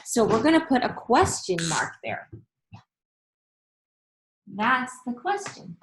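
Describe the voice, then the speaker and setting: A woman teacher gives a recorded remote lesson, explaining patiently and speaking directly to her students while deliberately repeating and rereading examples aloud. Her fairly high voice swoops wildly in pitch, and the rough recording carries slight background noise.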